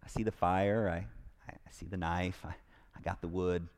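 A man's voice: low-pitched, fairly even intonation, moderate pace, darkish tone, big-room sound, lightly acted. A man voicing a young son who stammers and half-laughs as he questions his father. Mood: puzzled.

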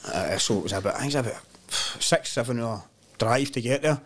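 A Scottish man, a podcast guest, telling animated, sweary travel anecdotes in casual chat, peppered with "mate" and "man". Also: mid-range voice, fast.

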